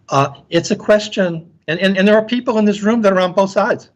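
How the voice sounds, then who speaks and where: A man's voice: high voice, brisk. A man lecturer giving an earnest conference keynote talk, often repeating words as he restarts his sentences. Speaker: guest speaker and university lecturer.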